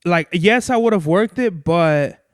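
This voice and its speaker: A man's voice: high-pitched, expressive, measured pace, no echo, studio quality. A man hosting a podcast, telling a long, rambling story in casual, profane chat. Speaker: podcast host.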